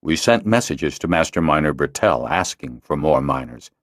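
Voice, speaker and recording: A man's voice: very deep voice, animated, normal speed, dry recording, clean studio sound. A man reading an audiobook, voicing a weary male miner who speaks bluntly and matter-of-factly. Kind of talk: audiobook character voice.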